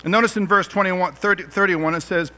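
High, bright-voiced man preaching a sermon. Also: steady tone, a little fast, soft background music. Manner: conversational preaching with jokes and rhetorical questions. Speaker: pastor.

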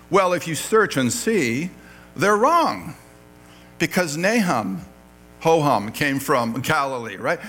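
A man from Canada delivers a conversational sermon, reading scripture passages and pausing to rephrase himself. His voice sits a little high for a man. Faint music plays behind him. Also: fairly bright tone. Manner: conversational, quoting scripture, self-correcting. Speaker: pastor.

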